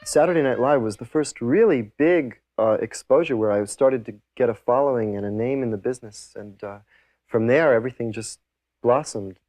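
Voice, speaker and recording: A man comedian recalls his early career in a relaxed, conversational way. He halts often and restarts his sentences, with soft fillers. His voice sits at a middle pitch and sounds dry, with no room around it. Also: normal speed, no room sound. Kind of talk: casual reminiscence.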